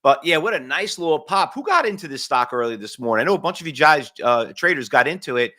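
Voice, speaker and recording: Excitable New York trading-show host. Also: male voice, fast talker. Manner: excitable, chatty, jumps up in pitch when fired up. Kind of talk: live-streamed market commentary.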